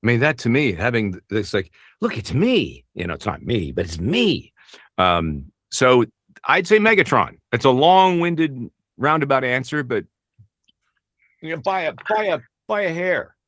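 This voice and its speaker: A man's voice: medium pitch, big pitch swings, unhurried, fairly bright tone, dry recording, studio quality. A middle-aged man, a voice actor, talking casually in an interview, rambling and self-deprecating with many restarts. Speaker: voice actor guest.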